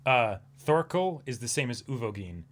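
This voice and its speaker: A man's voice: medium pitch, sing-song, normal speed. Reflective man in casual chat. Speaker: co-host of an anime reaction show.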